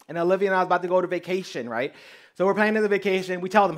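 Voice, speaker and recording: Man, pastor, storytelling sermon, animated, acts out dialogue, fairly high voice. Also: racing.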